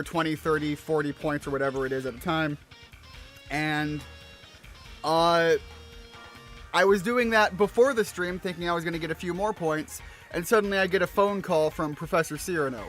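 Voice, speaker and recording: A man's voice: a little high, a bit bright. Rambling man streaming a video game. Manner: rambling, self-deprecating, many fillers and asides. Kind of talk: let's-play commentary.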